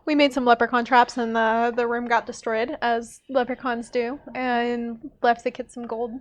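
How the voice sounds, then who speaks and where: A woman's voice: a little high, little pitch movement, normal speed. A young woman, a teacher, chatting casually with laughs and fillers, then reading a book aloud.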